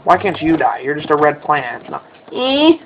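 A young man giving excited commentary over his gameplay, often jumping up into high yelps. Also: fairly quick, gravelly, muffled recording, over music. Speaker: let's play gamer.

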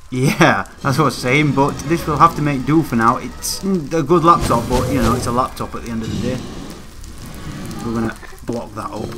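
Music plays in the background as a young man runs casual commentary on his gaming channel, addressing viewers directly in a chatty manner while he plays. He has a mid-range voice and speaks at a normal speed.

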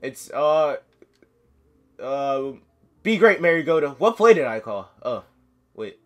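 A man giving excitable live gameplay commentary, yelling, chanting cheers and talking himself through nervous moments. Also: on the high side, takes it slowly, soft background music. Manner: yells and chants, sings cheers, flustered self-talk. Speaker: gaming commentator.

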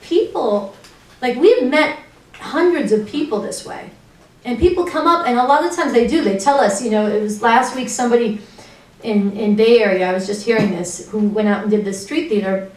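A woman's voice: a little high, normal speed. A woman activist speaking in an impassioned, urgent way, telling stories from street actions. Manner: urgent, earnest, storytelling. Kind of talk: impassioned spoken talk. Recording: roomy echo, distant mic.

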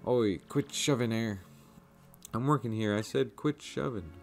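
A man voicing a rough, impatient male sailor from a video game, with clipped, grumbling salty talk. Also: mid-range voice, unhurried, darkish tone, faint music behind, pitched above the performer's own voice, lightly acted. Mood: irritated.

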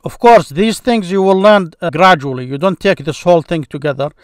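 A man's voice: high-pitched, a little fast, dry recording, clean studio sound. A man teaching a grammar lesson, explaining each step patiently with occasional restarts.

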